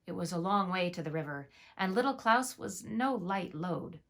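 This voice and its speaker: A woman reading a fairy tale aloud in an expressive way, dropping in dry little asides. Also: lowish voice, normal speed, creaky. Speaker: storyteller.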